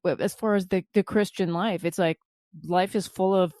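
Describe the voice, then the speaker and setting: A woman's voice: fairly low pitch, steady tone, moderate pace, warm tone, no echo. Reflective woman hosting, dry sound. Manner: reflective, with frequent restarts. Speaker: podcast host. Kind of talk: conversational interview chat.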